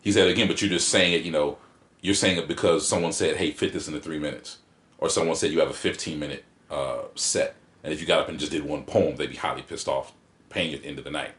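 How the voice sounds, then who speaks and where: A man with a very low voice tells stories in an interview, lively and vivid as he acts out rhythms and quotes. The room is roomy and echoey around him. He speaks as a guest poet in casual conversation. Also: fast talker. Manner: animated storyteller who acts out rhythms and quotes. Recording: roomy echo.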